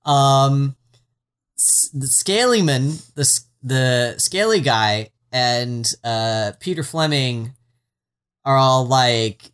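With a medium pitch, lively intonation, and drawn-out words, this voice sounds fairly bright and clean. A podcast co-host recaps a TV series in casual chat, wandering through asides with wry sarcasm and an occasional swear, constantly interrupting themself with "like" and "um."

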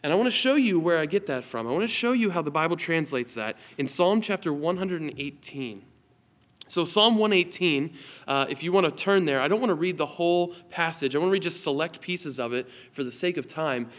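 A man's voice: on the high side, lively intonation, fairly quick, a bit bright. A man in his thirties preaches a sermon recorded for online viewers. He tells stories earnestly and reads scripture aloud, and his voice sits slightly above the usual male range. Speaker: pastor.

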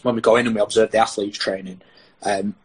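Speaking fast in a fairly low voice with a breathy edge, this British man lectures in sports science and walks through research during a podcast interview. He lively voices what athletes and coaches say, though the audio quality is poor.

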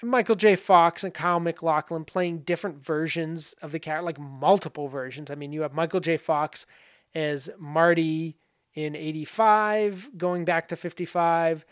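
A man's voice: fairly high pitch, steady tone, normal speed, clean tone, dry recording, studio quality. A man casually talking through film comparisons, rambling with many fillers and asides. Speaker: film commentary host. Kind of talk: casual spoken film analysis.

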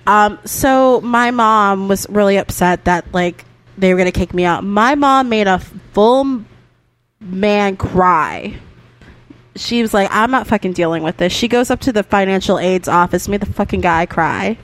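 A young woman co-hosting a podcast, telling lively family stories, laughing often and swearing casually. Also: mid-range voice, unhurried. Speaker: podcast co-host. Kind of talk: casual chat.

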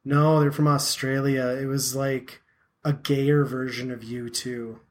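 A man's voice: medium pitch, level tone, unhurried. A man in his thirties hosting a casual podcast chat, rambling and self-deprecating with plenty of filler words. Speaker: podcast host.

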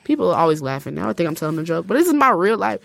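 Lively young woman podcaster, animated storyteller. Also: on the low side, rapid-fire, gravelly, crowd noise. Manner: animated storytelling with frequent laughter. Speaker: podcast co-host. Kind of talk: casual podcast chat. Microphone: podcast microphone.

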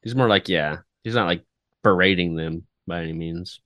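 A man's voice: low voice, normal speed, fairly bright tone, no echo. A man co-hosting a podcast, joking in casual banter and laughing readily. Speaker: podcast co-host.

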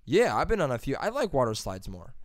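Young man, casual podcast chat, profane, animated, dry close sound. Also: fast, dry recording. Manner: profane, animated storytelling with big pitch jumps.

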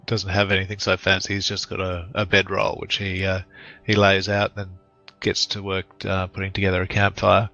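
Man, player, gravelly, lowish voice, dull lo-fi mic. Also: monotone, moderate pace, pushed and bright, soft background music. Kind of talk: tabletop game play.

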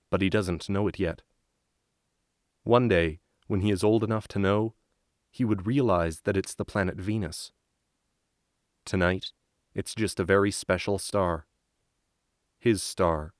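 A man reading a story aloud as narrator, at a slow and measured pace. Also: on the low side, steady tone, no room sound, studio quality. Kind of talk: scripted audiobook narration.

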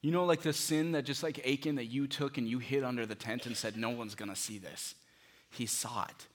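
A man preaching a sermon as pastor, pleading with his listeners and dropping from loud bursts to hushed tones. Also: medium pitch, fairly even intonation, fairly quick.

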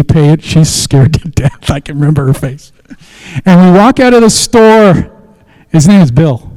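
A man's voice: a little high, dark tone, poor audio. A middle-aged man preaching a sermon, telling a personal story in a conversational way and then praying aloud. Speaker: pastor.

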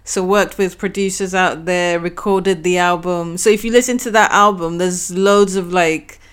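A woman co-hosting a podcast, relaxed and agreeable, chiming in with short affirmations. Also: fairly low pitch, normal speed, clear, resonant tone. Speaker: podcast co-host. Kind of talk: casual podcast chat.

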